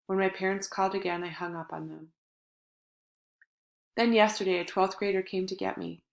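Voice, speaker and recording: A woman reading a first-person story aloud in an earnest, dramatic manner, moving between hushed and loud passages. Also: medium pitch, fairly even intonation, moderate pace, vocal fry. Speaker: audiobook narrator. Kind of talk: first-person audiobook narration. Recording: echoey room.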